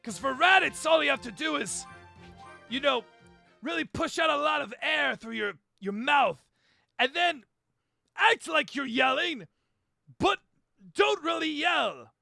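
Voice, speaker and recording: A man's voice: very high voice, lively intonation, measured pace, vocal fry, pauses often, sharp tone, dry recording, faint music behind. A man streaming live, chatting casually and rambling about doing character voices. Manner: chatty, rambling with many fillers and restarts. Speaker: livestreamer.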